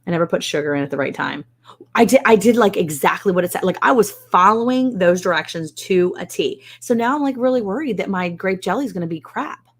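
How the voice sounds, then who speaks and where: A woman's voice: medium pitch, animated, fairly quick. A woman hosting a casual live stream from home, chatting wryly and mocking herself as she answers viewers' comments. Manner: chatty, wry, self-mocking. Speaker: host of a live ranch stream. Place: indoors at home.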